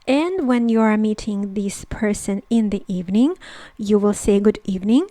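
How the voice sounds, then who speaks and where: A woman whose first language is Russian teaches a language lesson in English, explaining slowly with many fillers and repeating each phrase. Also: mid-range voice, mellow, no room sound.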